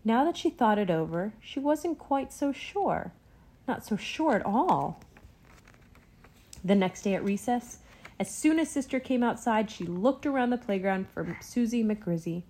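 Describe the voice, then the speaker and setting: A woman reading a children's picture book aloud with gentle, expressive storytelling. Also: fairly high pitch, a little slow, low-quality recording. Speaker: storybook reader.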